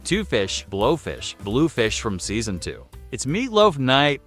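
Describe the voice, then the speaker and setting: A man's voice: medium pitch, fairly bright tone. A man narrating an episode recap with chatty, offhand asides. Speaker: video narrator.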